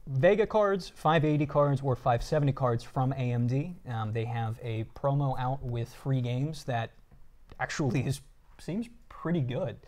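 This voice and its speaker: A man co-hosting a tech live stream, presenting deals in a relaxed way with dry remarks. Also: medium pitch, unhurried. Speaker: stream co-host. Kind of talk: casual tech news chat.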